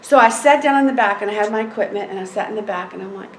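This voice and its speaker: A middle-aged woman court reporter telling a story in a blunt, animated way, with plenty of fillers. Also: mid-range voice, very fast, slight background noise. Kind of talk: anecdotal storytelling in a seminar chat. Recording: roomy echo.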